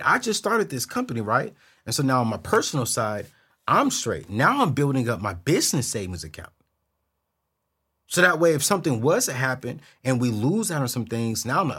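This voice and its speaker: A man with a husky, slightly breathy voice talks straight to camera as a show host. His pitch swings widely as he tells a slangy, candid story, and he stumbles over repeated words when he gets excited. The delivery is casual and chatty throughout. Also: moderate pace. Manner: slangy, keeps it real with viewers.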